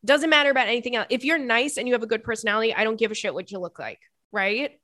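A woman's voice: fairly high pitch, very fast, sharp tone, dry recording, clean studio sound. A woman hosting an advice podcast, reading listener letters and reacting with frequent laughter, swearing and dramatic apologies. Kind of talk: casual advice podcast chat.

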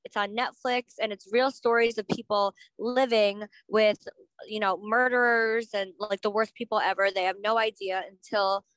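A woman's voice: medium pitch, fairly even intonation, normal speed, a bit bright, dry recording, rough recording. A woman co-hosting a casual gossip podcast, blunt and opinionated, swearing casually. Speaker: podcast co-host.

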